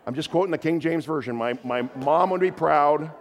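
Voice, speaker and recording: A male pastor preaching a sermon in a relaxed, conversational way, with stumbling repetitions and chuckling asides. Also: on the high side, a little fast, a little hiss or hum. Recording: long hall reverb.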